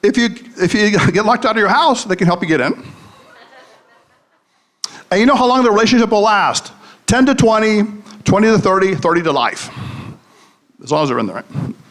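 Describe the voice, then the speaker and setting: Animated, high-voiced male comic speaker. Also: fairly quick, long pauses. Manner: joking, anecdote-telling, engages the audience. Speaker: psychologist and podcast host giving a live talk. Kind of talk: comedic motivational speech.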